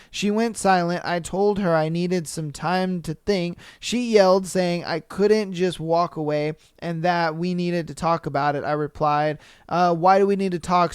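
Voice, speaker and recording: A man's voice: high-pitched, clear, resonant tone, dry recording, clean studio sound. A man hosting a podcast, reading a story aloud and then ranting bluntly with plenty of swearing. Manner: blunt, profane, animated rants. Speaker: podcast host. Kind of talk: reading and reacting to stories.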